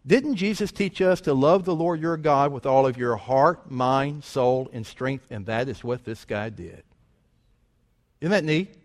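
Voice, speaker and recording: Folksy preacher in reverberant church. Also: male voice, medium pitch, expressive, a little slow. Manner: folksy and conversational, with rhetorical questions. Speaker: pastor. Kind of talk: storytelling sermon. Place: church sanctuary. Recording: long church hall reverb.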